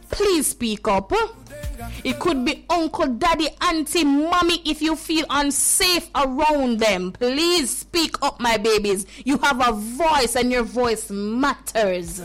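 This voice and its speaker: High-voiced Jamaican woman radio host. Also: slow pace, a bit bright, soft background music. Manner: caring, repetitive, addresses children fondly. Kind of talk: children's radio show.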